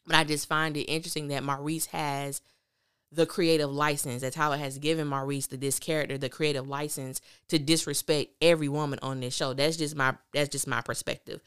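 A woman hosting a podcast, giving a casual and opinionated recap of a TV drama with lively, animated delivery. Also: clean tone. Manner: animated, opinionated, quick swings of pitch.

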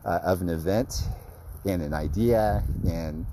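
A man telling an excited, rambling story about his custom card work, full of fillers. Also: sits low, unhurried, background noise. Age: adult, grew up a fan. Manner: rambling, many fillers, gushing.

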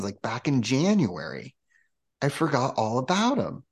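A man being interviewed as a spiritual coach, telling a personal story in a casual, animated way and acting out the voices he quotes. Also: mid-range voice, a little slow, slightly rough. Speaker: guest, spiritual coach and channel.

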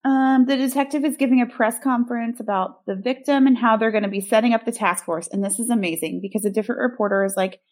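A woman's voice: fairly high pitch, fairly even intonation, fast talker, few pauses, darkish tone. Chatty sarcastic woman recapping a film. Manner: chatty, sarcastic, many ums. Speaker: podcast co-host recapping a film. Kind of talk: casual chat.

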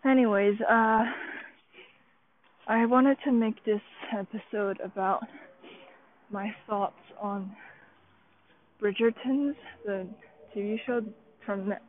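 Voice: mid-range voice, fairly even intonation, slow pace, long pauses. A vlogger talking casually while walking uphill outdoors, out of breath and rambling with many fillers and restarts. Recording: tinny phone-like sound with faint outdoor noise.

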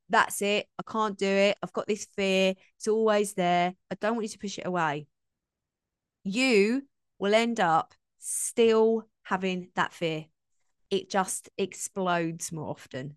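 A woman's voice: medium pitch, dry recording, clean studio sound. A woman hosting her own coaching podcast, talking frankly and chattily with asides. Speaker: podcast host and self-belief coach. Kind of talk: casual solo podcast talk.

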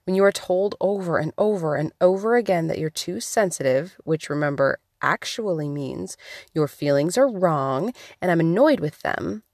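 A woman's voice: lowish voice, lively intonation, normal speed, darkish tone, dry recording, clean studio sound. A young adult woman hosting a solo podcast, talking candidly with wry asides. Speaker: podcast host.

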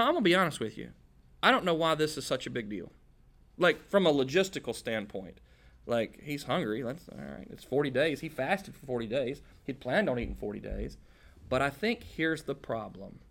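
A man's voice: medium pitch, fairly bright tone. A man preaching a conversational Bible-teaching sermon, casual and joking, with folksy slang.

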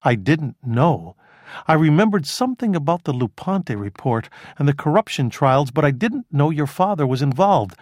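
A man voicing a dry, cerebral middle-aged male criminologist who explains things in a measured way in an audiobook. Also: on the high side, big pitch swings, darkish tone, dry recording. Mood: explaining. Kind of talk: audiobook character voice.

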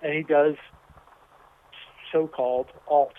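A man reminiscing thoughtfully in an interview, relaxed and unhurried. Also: fairly high pitch. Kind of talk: reflective interview chat. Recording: tinny phone-like recording.

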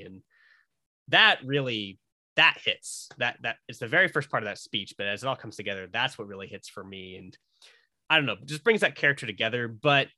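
Bright, dry-sounding man talking movies. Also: mid-range voice, no room sound. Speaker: podcast co-host. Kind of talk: casual movie podcast chat.

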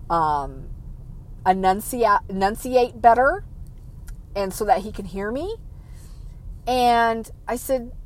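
A woman telling a personal story about caring for her father, speaking emotionally and haltingly with frequent restarts. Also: a little high.

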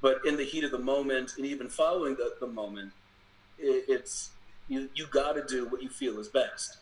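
A man from the American Midwest, a lawyer guest on a podcast, answering in a hesitant, measured way with many restarts. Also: medium pitch, low-quality recording. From Midwest of the United States. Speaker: attorney guest. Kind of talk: casual podcast interview.

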